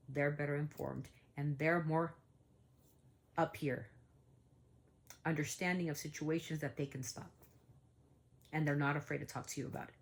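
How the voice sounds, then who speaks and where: Woman vlogger, middle-aged, lowish voice, earnest and emphatic, preachy, repetitive. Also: gravelly. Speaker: channel host, parent. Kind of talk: casual vlog talk to camera.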